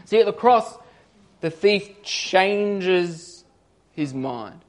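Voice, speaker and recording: Aussie bloke preaching, chatty storyteller, voice a bit high, gets loud and emphatic. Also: male voice, expressive, drawn-out words. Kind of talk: casual sermon.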